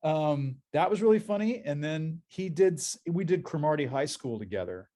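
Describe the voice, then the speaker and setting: Guy on a con panel spinning voice acting stories, warm mellow voice, trips over his words. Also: a little high, moderate pace. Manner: animated storyteller who repeats words while restarting. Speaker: voice actor panel guest. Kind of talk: casual convention panel anecdotes. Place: convention panel room.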